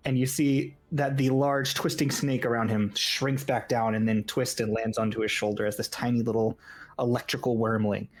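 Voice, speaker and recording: A man narrating a tabletop game as game master, in a casual style with frequent "like" fillers. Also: mid-range voice.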